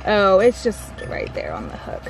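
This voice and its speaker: A woman's voice: mid-range voice, huge pitch swings, moderate pace, vocal fry, soft background music. A woman chatting casually in a home vlog, often laughing and speaking sing-song to her children, recorded on a handheld camera. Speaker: family vlogger and mother. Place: family home indoors.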